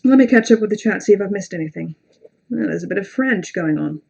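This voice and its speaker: A woman's voice: medium pitch, lively intonation, fast talker, gravelly, darkish tone, slightly rough. British woman, young adult, casual livestream chat, rambling, sweary, self-deprecating. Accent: British English. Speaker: livestream host reading horror stories. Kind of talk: casual live-stream chat and story reading.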